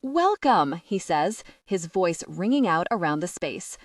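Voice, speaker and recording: A woman narrating a first-person audiobook in a lively, expressive way. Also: lowish voice, measured pace, no echo, clean studio sound, distant mic.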